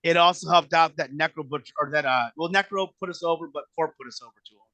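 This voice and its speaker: A man in his thirties telling a casual story, animated and profane, acting out quotes in exaggerated voices. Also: fairly high pitch, quick pace, no echo. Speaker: podcast guest telling a wrestling story.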